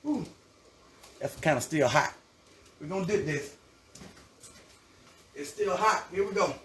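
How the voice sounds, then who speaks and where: A man hosting a live cooking show, chatting warmly to viewers and savoring his food aloud in a kitchen. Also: fairly high pitch, lively intonation, unhurried, reverberant, recorded from a distance, a little hiss or hum, rough recording. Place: home kitchen.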